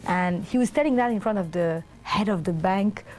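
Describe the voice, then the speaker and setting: A woman's voice: mid-range voice, normal speed. A middle-aged woman, an interview guest, telling a personal story in a rambling way with many fillers, acting out the voices of the people in it. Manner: animated, acts out the voices of others.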